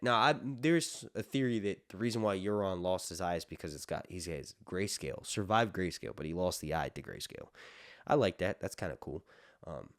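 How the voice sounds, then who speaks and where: A man's voice: deep voice, animated, moderate pace, no echo, clean studio sound. A man hosting a podcast, rambling casually through a lore breakdown with lots of fillers and some swearing. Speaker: podcast host.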